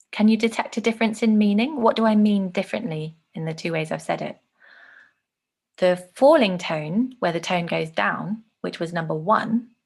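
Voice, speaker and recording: Gravelly low-voiced woman teaching. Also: normal speed. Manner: explains clearly, demonstrates with her voice. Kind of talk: online lesson.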